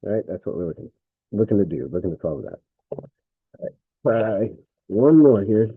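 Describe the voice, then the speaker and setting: A man's voice: fairly low pitch, very animated, moderate pace, husky, dry recording, narrow, tinny audio. A man teaching a recorded math lesson, thinking aloud as he works through problems and correcting himself with frequent fillers.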